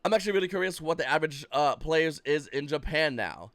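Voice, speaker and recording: A man with a fairly high voice rants bluntly about a card game, swearing freely and talking with lively energy. His voice sits close and dry, with no room sound around it. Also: quick pace, dry recording. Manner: blunt, profane, animated. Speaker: YouTube card-game commentator. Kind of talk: casual ranting commentary.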